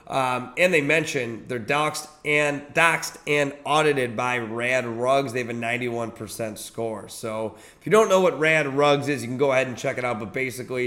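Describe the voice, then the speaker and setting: A man hosting a daily online video show, chatting casually while clicking through websites, sleepy and yawning, with plenty of filler words. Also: medium pitch. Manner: relaxed, chatty, reads descriptions aloud with filler words. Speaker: host of a daily crypto collectibles show. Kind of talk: casual screen-share commentary.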